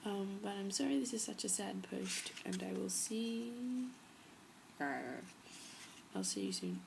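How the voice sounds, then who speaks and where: A woman's voice: mid-range voice, sing-song, a little slow, vocal fry, background noise. A young woman vlogging, telling a rambling story in a chatty way and dropping into whispers for emphasis. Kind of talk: casual storytelling vlog.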